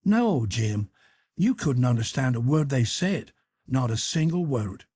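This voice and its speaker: A man's voice: mid-range voice, big pitch swings, a little slow, warm tone, breathy edge. A man reading an audiobook, voicing a curious young boy who reasons earnestly and asks pointed questions. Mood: reasoning.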